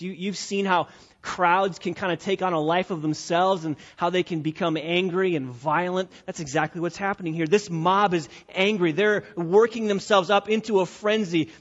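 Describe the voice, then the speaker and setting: A man preaches with a high, ringing voice, pressing each point through repetition and rhetorical questions. The recording is dull and lo-fi, like an old church tape. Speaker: pastor. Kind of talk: expository sermon.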